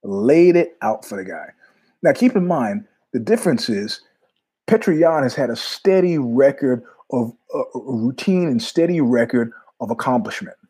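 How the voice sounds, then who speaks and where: Rambling husky-voiced male podcast host. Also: mid-range voice, moderate pace. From New York. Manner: rambling, animated, jumps between tangents with asides. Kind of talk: casual monologue storytelling.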